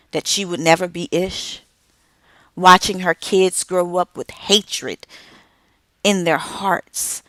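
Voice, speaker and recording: A middle-aged woman giving an inspirational speech about her family, slow and emphatic with dramatic pauses. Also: fairly low pitch, fairly bright tone, dry recording. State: tearful at moments. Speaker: author and speaker.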